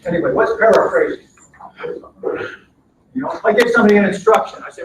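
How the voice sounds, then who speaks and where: A man's voice: high voice, quick pace, background noise. A man leading a live training seminar, talking animatedly and acting out workplace exchanges. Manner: animated, acts out workplace dialogues. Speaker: workshop trainer. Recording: echoey room, mic far off.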